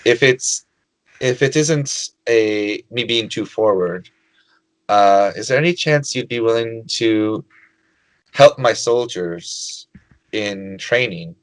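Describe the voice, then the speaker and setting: A gracious lizardfolk queen, formal and hesitant, as a man puts her on in a tabletop game. The voice sits fairly low. It is recorded close and dry. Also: dry recording, poor audio. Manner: formal, halting, polite. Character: courteous female lizardfolk queen, gentle and hesitant. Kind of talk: tabletop role-play.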